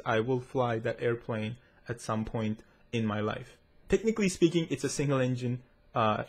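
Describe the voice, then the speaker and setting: This is casual gameplay commentary from a man who reviews gaming tech, his voice gravelly and medium in pitch. He chats and wanders off topic with his viewers as he plays and tests a game, mentioning that he has a non-native accent.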